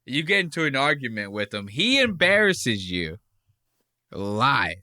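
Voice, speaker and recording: A man's voice: mid-range voice, sing-song, measured pace, pushed and bright, no room sound, studio quality. A man hosting a podcast, reacting to a clip with brash, mocking, profane commentary. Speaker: podcast host.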